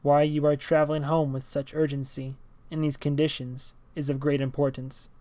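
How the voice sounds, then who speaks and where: A man voicing a thin, eerie male stranger who speaks in a calm, stilted, robotic way. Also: fairly high pitch, dry recording, close to an everyday voice. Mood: measured. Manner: speaks robotically, flat, measured, hushed.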